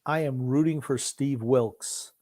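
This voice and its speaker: A man's voice: medium pitch, slow pace, warm tone. A man co-hosting a casual sports podcast. He speaks bluntly and curtly and gives firm opinions. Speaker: podcast co-host nicknamed Grumpy.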